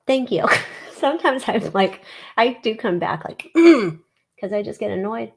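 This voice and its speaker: A woman's voice: on the high side, sing-song, a little slow, vocal fry, darkish tone, husky. A woman hosting a casual livestream, chatting bluntly and reading viewer comments. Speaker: livestream host.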